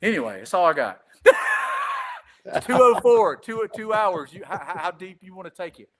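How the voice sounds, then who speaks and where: A man's voice: sits high, very animated, brisk, fairly bright tone. A man telling a long casual story as a podcast guest, rambling and repeating "I said," swearing casually. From Greenville.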